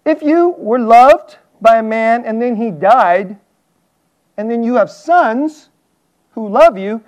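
A man preaching a sermon as a pastor, earnest and animated, often chuckling and stammering as he talks. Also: very high-pitched, slow, dull audio.

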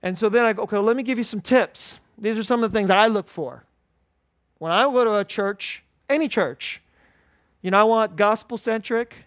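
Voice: mid-range voice, normal speed, no room sound, clean studio sound. A pastor giving an informal, conversational sermon at a church service, repeating key phrases and chuckling often.

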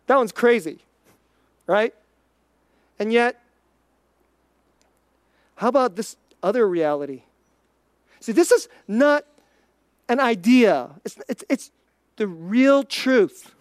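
A preacher giving an informal, conversational sermon, chatty and full of "like", swinging between quick bursts and slow, quiet emphasis. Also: mid-range voice, lively intonation, dry recording, studio quality.

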